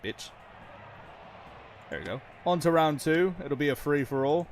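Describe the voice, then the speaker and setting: A man's voice: on the high side, a little slow, background noise. A man giving casual, chatty commentary over his own gameplay, swearing freely and laughing often as he talks to his viewers. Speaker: gaming channel host.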